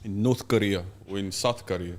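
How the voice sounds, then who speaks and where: A man hosting a casual podcast, talking in an animated way and acting out playful mock scenes. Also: lowish voice, normal speed. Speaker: podcast host.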